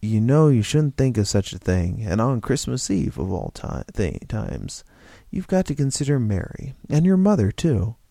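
A man voicing a cheerful little male stranger who talks patiently and coaxingly, slipping into brisk salesman patter. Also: mid-range voice, big pitch swings, creaky, mellow, no room sound, studio quality.

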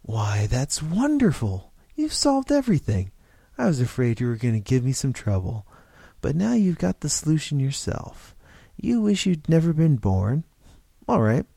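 A man voices a cheerful little stranger for a read-aloud story. He sounds calm and knowing and coaxes patiently. The voice is mellow and gravelly with a lively, swooping pitch, recorded dry and close. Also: no room sound, exaggerated voice. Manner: patient, gently coaxing, with brisk salesman patter.

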